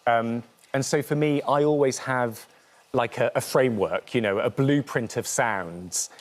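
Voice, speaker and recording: A man's voice: mid-range voice, a little slow. A man with a light Norfolk accent, a dialect coach talking thoughtfully in a TV interview, often restarting his sentences. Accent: Norfolk English. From Norfolk, England. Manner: thoughtful, hesitant with many restarts. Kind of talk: TV studio interview.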